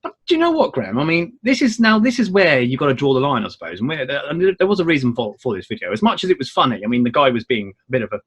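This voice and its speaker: A man with a slightly husky voice co-hosts a casual show. He talks in a loose, rambling way full of fillers, and his pitch rises and falls a great deal. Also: rapid-fire, hardly any pauses. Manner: rambling, filler-heavy, lively intonation. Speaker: co-host. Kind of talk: casual chat show talk.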